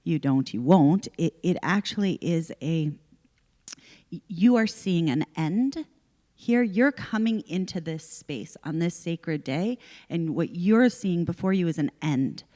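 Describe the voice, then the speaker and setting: Mellow, low-voiced earnest woman. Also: expressive, unhurried. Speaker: class participant. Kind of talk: reflective class discussion. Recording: reverberant hall.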